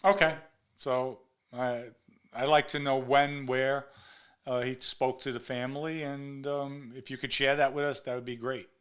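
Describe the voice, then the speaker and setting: A man's voice: mid-range voice, flat delivery, unhurried, a bit bright. A man hosting a casual live chat show, talking emphatically and repeating words for stress. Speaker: livestream host.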